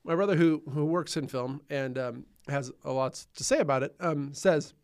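A man co-hosting a podcast in casual chat, animated and emphatic, repeating points for effect. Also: fairly high pitch, normal speed. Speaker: podcast co-host.

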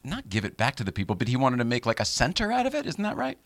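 Man, interviewer, lively swinging pitch, chatty, laughs along, dry close sound. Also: fast, no echo. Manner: relaxed, chatty, laughs along, swears casually. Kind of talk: casual interview conversation.

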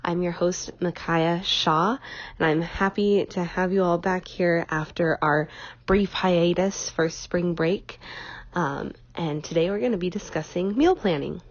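A young woman hosting a casual solo podcast, sounding slightly nasal from a cold and talking in a relaxed way with frequent ums. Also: on the low side, measured pace, dry recording, dull audio. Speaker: podcast host.

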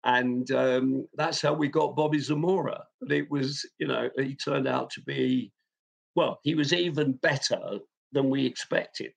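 A man, a football club chairman, telling an anecdote in a lively way, chuckling often and restarting his sentences with fillers. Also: mid-range voice, a little slow, vocal fry. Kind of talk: anecdotal storytelling.

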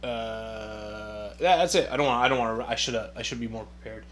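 A man's voice: on the low side, fairly quick, a bit bright, a little hiss or hum. A man hosting a podcast in a casual solo rant, sarcastic and profane, rambling with lots of fillers. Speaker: podcast host.

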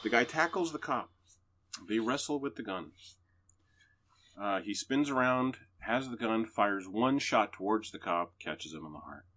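A man's voice: lowish voice, unhurried. A man hosting a podcast, chatting casually about movies and swearing freely. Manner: profane, animated retelling. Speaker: podcast host reviewing movies. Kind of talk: casual chat.

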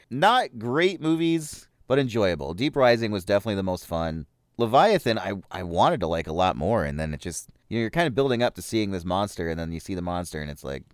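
Deep-voiced man rambling through a movie review. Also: smooth, dry recording, studio quality. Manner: rambling, loose, with fillers and chuckles. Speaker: podcast host reviewing movies. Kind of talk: casual movie review monologue.

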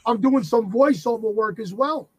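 A husky, fairly high-pitched man in his fifties tells stories as an interview guest. He jumps back into sentences, restarts them, and keeps the anecdotes lively. The sound is dry and close. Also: normal speed, dry recording, rough recording. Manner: animated anecdotes with frequent restarts. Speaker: guest entertainer and tribute performer of a famous singer. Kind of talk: casual storytelling interview.

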